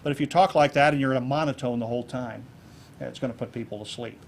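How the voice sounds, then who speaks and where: A man giving a keynote speech to a club audience on presentation skills, lively and jokey, acting out examples. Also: medium pitch, fast talker, vocal fry, a little hiss or hum. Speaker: keynote speaker. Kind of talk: public speaking talk on presentation skills. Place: club meeting room with an audience.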